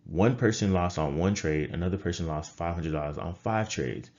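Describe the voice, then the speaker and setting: A man with a very low voice gives a motivational coaching talk straight to camera. He is emphatic and drives his points home by repeating phrases. The sound is dull and lo-fi. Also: darkish tone. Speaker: trading coach and critical care nurse.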